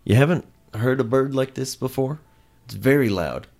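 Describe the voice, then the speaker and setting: A man narrating a tabletop role-playing game as game master, describing scenes in a relaxed storytelling way. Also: mid-range voice, normal speed, vocal fry.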